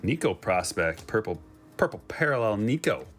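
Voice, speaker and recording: Low-voiced man hosting a card break. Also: moderate pace. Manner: excited, joking, chatty. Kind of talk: casual live commentary while opening packs.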